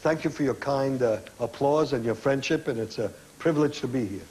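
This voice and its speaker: An older man, a chat show guest, telling animated anecdotes and acting out quoted lines. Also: medium pitch, brisk, very noisy.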